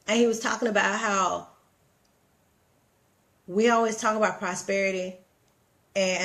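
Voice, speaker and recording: A woman with a Southern US accent giving casual motivational talk on a livestream, animated and preachy, addressing viewers directly and reading their comments. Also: medium pitch. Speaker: vlogger.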